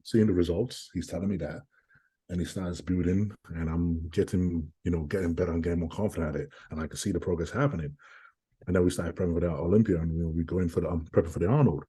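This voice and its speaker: Low, husky man telling his story. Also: fairly even intonation, quick pace, mellow. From United Kingdom. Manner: earnest, repeats phrases, acts out quoted speech. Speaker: guest, professional bodybuilder. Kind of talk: casual interview storytelling.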